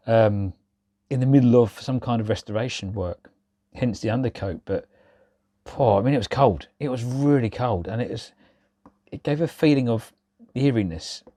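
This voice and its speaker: A man's voice: medium pitch, mellow, no echo, studio quality. Rambling self-mocking man vlogging. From England. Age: 40s. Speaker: railway vlogger. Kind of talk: casual chat to camera.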